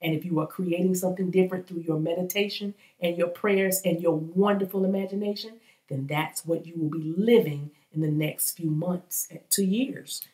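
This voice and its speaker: A woman gives viewers an encouraging spiritual reading in a fairly low voice. She talks casually, restarting sentences and repeating affirmations. Her voice carries the echo of a roomy space. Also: normal speed, mellow. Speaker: spiritual reader and channel host.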